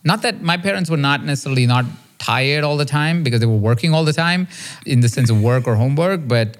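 A man hosting a podcast interview, telling a personal story in an earnest, reflective way with casual "like" and "right?" fillers. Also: fast. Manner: acts out quoted dialogue with a raised, lively pitch. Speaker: podcast host.

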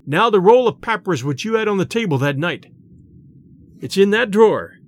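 A man's voice: sits high, expressive, moderate pace. A man voicing a stern, cold young man who speaks in short, clipped lines.

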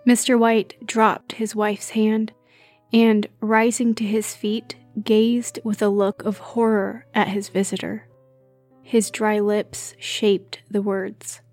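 A woman narrating a story in a slow, measured reading. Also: mid-range voice, flat delivery, a little mellow, faint music behind. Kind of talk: audiobook narration.

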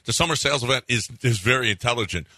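Blunt joking sports radio host. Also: male voice, mid-range voice, pushed and bright, no echo. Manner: joking, blunt, quick retorts. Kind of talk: casual sports radio banter and live ad read.

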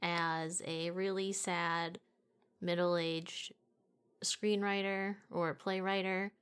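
A woman's voice: fairly low pitch, little pitch movement, extremely slow, fairly bright tone, smooth. A woman co-hosting a casual movie chat, chatty and giggly, with lots of fillers. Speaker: podcast co-host.

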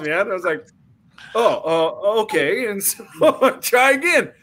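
Lively man telling a wild story. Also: high-pitched, a little slow. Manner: animated, acts out voices in quotes. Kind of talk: casual anecdote telling.

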